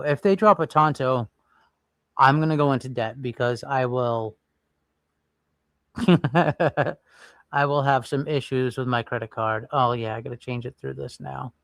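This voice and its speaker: A man's voice: mid-range voice, a little slow, pauses often, fairly bright tone, dry recording. A man hosting a casual livestream, rambling and thinking aloud while browsing and chatting with viewers. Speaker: livestream host.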